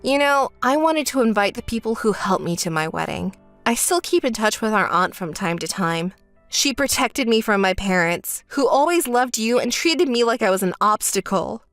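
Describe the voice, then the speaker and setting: A woman's voice: mid-range voice, a bit bright, no echo. Cold, firm young woman narrating. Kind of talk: dramatized texting-story narration.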